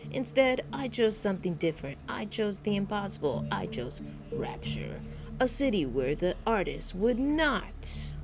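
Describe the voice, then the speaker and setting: A woman reading a commanding male city founder's grand speech, declaiming with emphasis over game music. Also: mid-range voice.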